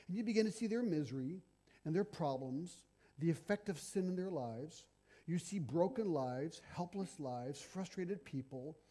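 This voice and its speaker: A middle-aged man preaching a sermon in a lively, conversational storytelling manner. His voice sits high for a man but has a dark, mellow tone.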